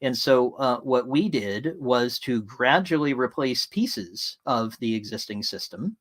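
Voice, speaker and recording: A man's voice: mid-range voice, expressive, measured pace, fairly bright tone. Chatty man giving an anecdotal online talk. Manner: informal, anecdotal, answers chat comments mid-talk. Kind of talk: casual conversational talk.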